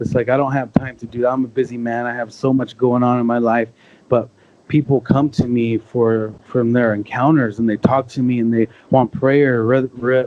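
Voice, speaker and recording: Man, young adult, casual storyteller, rambling with restarts, dark tone, dull lo-fi sound. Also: medium pitch. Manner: rambling, with many restarts and fillers like "you know". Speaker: podcast guest telling encounter stories.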